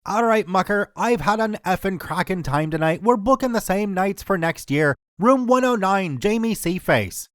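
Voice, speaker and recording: A man's voice: high voice, animated, moderate pace, few pauses, a bit bright, no echo, clean studio sound, voice pushed up. A man voicing a drunk, foul-mouthed Belfast man on the phone, slurred and belligerent, in an attempted Belfast accent. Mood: cocky.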